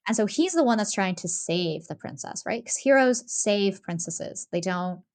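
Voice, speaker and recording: A woman co-hosting a podcast, talking in a casual, animated way with lots of fillers and restarts. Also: medium pitch, moderate pace. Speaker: podcast co-host. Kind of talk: casual discussion.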